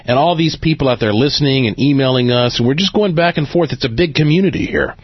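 A man hosting a late-night radio talk show in a chatty, relaxed way, laughing often, talking into a studio microphone. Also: mid-range voice, quick pace, breathy edge, no room sound, dull audio.

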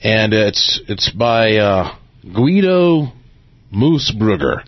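A man hosting a late-night radio talk show in a chatty, relaxed way, laughing often, talking into a studio microphone. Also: lowish voice, very slow, no echo, highs cut off.

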